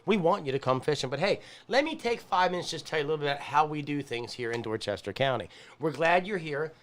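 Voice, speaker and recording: A man's voice: on the high side, fast talker. A man hosting a casual talk show, telling stories with repeated phrases. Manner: animated storyteller, repeats phrases. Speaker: podcast host. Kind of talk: casual chat.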